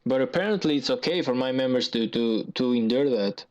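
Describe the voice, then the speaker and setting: A man's voice: mid-range voice, fairly quick, dull audio. A man giving gameplay commentary, venting in an agitated, repetitive way as a gaming YouTuber.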